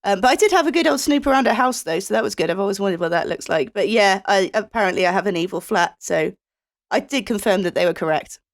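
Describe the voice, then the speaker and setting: A woman's voice: mid-range voice, expressive, quick pace. A woman co-hosting a podcast, telling a story in a dry, anecdotal way. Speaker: podcast co-host. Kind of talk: casual podcast chat.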